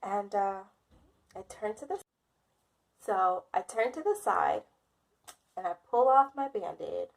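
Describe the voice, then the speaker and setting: A woman's voice: medium pitch, lively intonation, slow pace, vocal fry, pauses often. Woman vlogger, dramatic storyteller who pokes fun at herself. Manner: dramatic and self-mocking, laughs often. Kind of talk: casual storytime.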